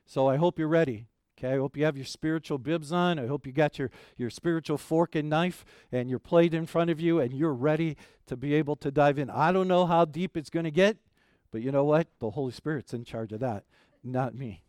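A man preaching a sermon as pastor, swinging from loud emphasis to hushed asides and repeating key phrases. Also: on the high side, brisk, dry recording, studio quality.

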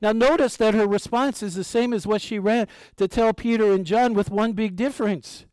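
High-voiced preacher asking his congregation questions. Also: normal speed, smooth, no echo. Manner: animated, asks the congregation rhetorical questions, drops to a near hush for emphasis; light humor with an occasional chuckle. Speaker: pastor. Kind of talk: sermon.

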